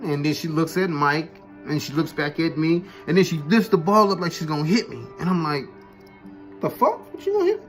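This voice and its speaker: A man's voice: a little high, a bit bright. A man casually telling a story from his school days in a laid-back, profane way, full of street slang and "you know what I'm saying". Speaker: vlogger telling a personal story.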